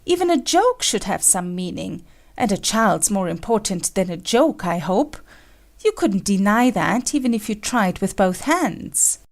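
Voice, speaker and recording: A woman's voice: mid-range voice, big pitch swings, measured pace. A woman playing a stern, imperious Red Queen who scolds and lectures sharply in a full-cast audiobook. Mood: scolding.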